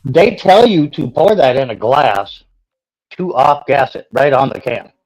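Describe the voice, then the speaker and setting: A man's voice: medium pitch, very animated, measured pace, a little mellow, poor audio. A man co-hosting a casual livestream chat, explaining things bluntly and swearing freely. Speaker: co-host.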